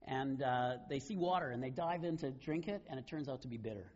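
A man preaching a sermon, retelling scripture stories in a relaxed, conversational way. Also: mid-range voice, brisk, dull audio. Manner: conversational storytelling, casual paraphrase of scripture. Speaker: pastor.

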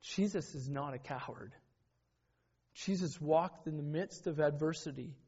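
A middle-aged man preaching a sermon in an earnest, conversational way, with personal stories and frequent self-corrections. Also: a little high. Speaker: pastor. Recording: dull lo-fi sermon recording.

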